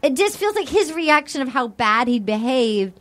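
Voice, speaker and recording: A woman with a fairly high voice chatting casually as a co-host. She rambles loosely, full of fillers and restarts. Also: sing-song, normal speed, fairly bright tone. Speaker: podcast co-host. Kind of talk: casual chat.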